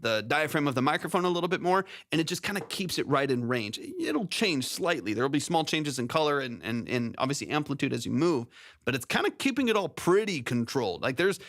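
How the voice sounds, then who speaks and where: A man with a slightly high voice hosts a music production stream, offering casual technical notes on a song's mix. He talks briskly, with big pitch swings and a fairly bright tone, rambling, correcting himself, and singing demo syllables. He's close on a studio mic with vocal compression, and there's no echo.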